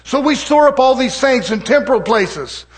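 A man's voice: extremely high pitch, animated, normal speed. A man preaching a sermon in an impassioned, folksy way, firing off rhetorical questions.

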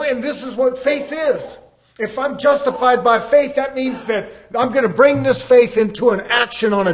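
A middle-aged man preaching a sermon, asking his congregation rhetorical questions and swinging between loud emphasis and quieter passages. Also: extremely high pitch.

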